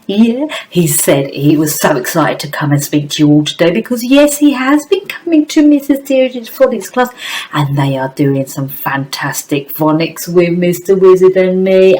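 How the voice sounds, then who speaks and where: A woman's voice: deep voice, darkish tone, low-quality recording. A woman teacher giving a phonics lesson to young children, in an exaggerated, coaxing sing-song. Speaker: primary school teacher.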